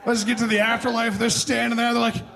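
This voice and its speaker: A man's voice: very high voice, completely flat delivery, fast talker, vocal fry, a crowd in the background. A young man doing a self-deprecating, punchy stand-up set on a club stage into a handheld mic, with the audience laughing. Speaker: stand-up comedian.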